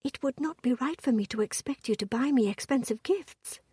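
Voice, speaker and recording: A woman voicing a timid, sheltered young noblewoman who speaks softly, half in a whisper, in a storybook reading. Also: high-pitched, moderate pace, breathy edge, no echo, voice pushed up. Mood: hesitant.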